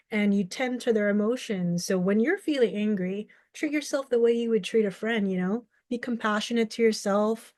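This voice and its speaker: A woman's voice: medium pitch, normal speed, few pauses, a little mellow, no room sound, clean studio sound. A young adult woman, a mental health advocate, giving earnest, reflective video commentary and explaining her view with everyday examples. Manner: acts out short quoted exchanges.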